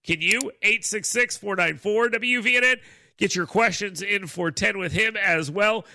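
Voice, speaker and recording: A man hosting a talk radio show, opinionated and sarcastic, mocking with animated asides. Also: high voice, moderate pace, vocal fry, no echo, clean studio sound.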